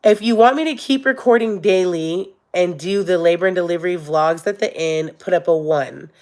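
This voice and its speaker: A woman's voice: on the low side, normal speed, darkish tone. A young adult woman talking candidly and emotionally to her viewers on a live stream, with many fillers. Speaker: vlogger. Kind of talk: casual live-stream chat.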